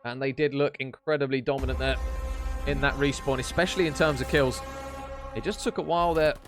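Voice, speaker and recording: A young man giving live esports play-by-play as a caster, chatty and quick to banter between rounds. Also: medium pitch, steady tone, music in the background.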